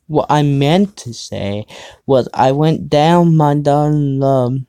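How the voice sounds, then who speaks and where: A man reads a fan story aloud on his own show, trailing off into sarcastic remarks whenever the text stops making sense. His delivery is slow and unhurried, with a warm, darker tone. The recording is dry and close to the mic. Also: fairly high pitch, smooth, no echo. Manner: sarcastic asides, stumbles over the text. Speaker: show host reading fan fiction. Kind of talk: casual dramatic reading with commentary.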